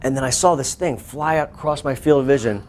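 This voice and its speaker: A male teacher telling a class a lively personal story in a school classroom. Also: medium pitch, fairly quick, a little hiss or hum. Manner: animated, acts out voices and screams.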